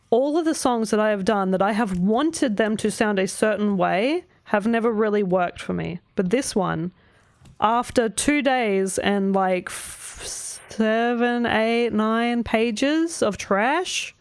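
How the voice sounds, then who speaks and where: A woman's voice: mid-range voice, no room sound. Rambling woman vlogger, dry sound. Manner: rambling, filler-heavy, often asks 'right?'; swears freely. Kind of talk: casual chat.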